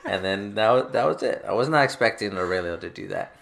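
A man's voice: lowish voice, expressive, fast talker, gravelly, background noise. A man from Texas, a guest author telling a story in a casual chat, wry and self-mocking, often trailing off into laughs.

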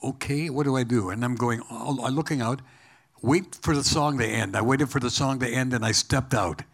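A man's voice: mid-range voice, normal speed, gravelly, husky. Older man telling an anecdote. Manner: animated anecdote teller, laughs often. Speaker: interview guest, former broadcaster. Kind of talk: casual storytelling interview.

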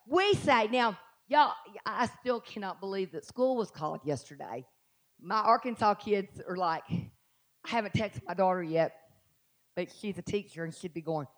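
A middle-aged woman, preaching a sermon and swinging from soft asides to loud, drawn-out emphasis. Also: mid-range voice. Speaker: pastor.

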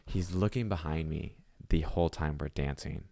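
A man's voice: rumbling low, normal speed, dry recording. A young adult man, a podcast guest, telling a story casually and acting out the quotes. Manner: animated storyteller who acts out quotes.

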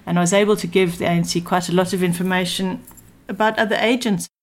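A woman's voice: on the low side, steady tone, fast talker. An older woman from South Africa, a former spy, earnestly recalling her past in a personal story. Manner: earnest, reflective recollection with quoted dialogue. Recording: music bed under speech.

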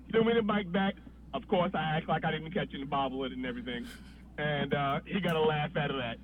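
Over a tinny, phone-like line with faint noise, a man with a high-side voice talks fast. He's a comedian guesting on a podcast, spinning a long, animated story and performing the voices in it.

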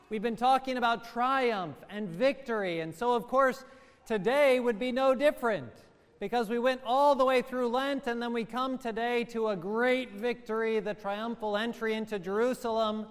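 A man, a priest, giving a sermon in a measured, emphatic way, slowing down on key words. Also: very high-pitched, fairly bright tone, smooth. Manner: measured, emphatic preaching with slowed stresses. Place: church. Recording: long church reverb.

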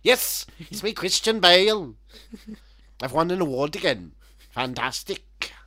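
A man's voice: fairly high pitch, lively intonation, a little slow, sharp tone, dry recording, studio quality, voice pushed up. A man putting on a pompous, hot-tempered male film star with a put-on Welsh accent, ranting grandly.

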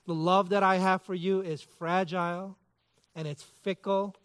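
A man in his thirties preaches to his congregation in a fairly high voice. He tells stories about himself with dry, self-mocking humor and bursts of playful mock outrage. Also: flat delivery, a little slow, fairly bright tone, smooth. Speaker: pastor. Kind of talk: sermon.

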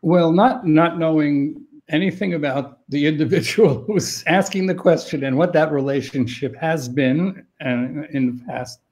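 Mellow-voiced man explaining thoughtfully. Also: on the high side, measured pace, hardly any pauses. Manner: thoughtful, with frequent restarts and stammered repeats. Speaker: dementia expert guest. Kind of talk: explanatory interview answers.

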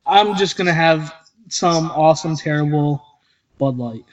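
A man co-hosting a casual sports podcast, talking in a deadpan, offhand way. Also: a little high, measured pace. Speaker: podcast co-host. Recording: dull lo-fi sound.

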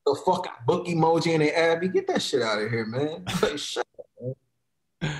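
A man's voice: a little high, animated, normal speed, echoey room. A man in heated, profane podcast talk, mocking others in quoted voices.

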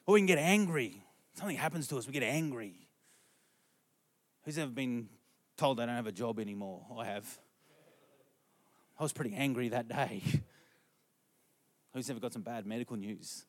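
Middle-aged preacher, conversational and questioning. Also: male voice, mid-range voice, expressive, normal speed, pauses often. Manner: conversational, asks the congregation questions. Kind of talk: sermon with storytelling.

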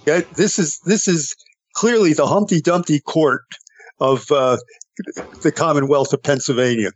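A man on a political discussion panel, speaking in a measured, deliberate way with drawn-out emphasis. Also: a little high, no room sound, dull audio. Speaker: panel guest.

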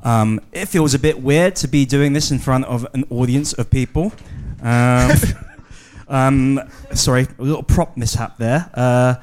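Man, comedy podcast host, mid pitch, halting, mock-bossy. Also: a little mellow. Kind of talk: live comedy podcast banter.

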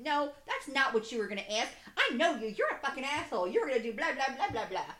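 A woman's voice: high voice, quick pace, hardly any pauses, reverberant. A woman in her early forties chatting casually, ranting with lots of swearing. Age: 40s. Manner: profane, animated ranting. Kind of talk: casual chat.

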